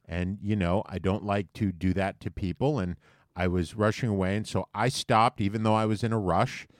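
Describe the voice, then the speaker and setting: A man's voice: on the low side, steady tone, moderate pace, no room sound. A man in a basement podcast studio, talking casually into a big microphone. He rambles and mocks himself, with plenty of fillers. The sound is dry and close. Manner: rambling, self-mocking, with fillers. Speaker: podcast co-host. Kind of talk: casual storytelling chat. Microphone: large studio microphone.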